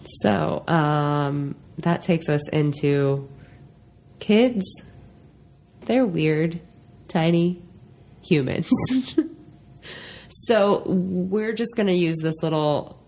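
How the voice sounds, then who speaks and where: A woman's voice: low voice, extremely slow, long pauses, darkish tone. A young woman co-hosting a casual podcast, laughing often as she tells stories. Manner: giggly, laughs often while telling stories. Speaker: podcast co-host. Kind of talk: casual chat.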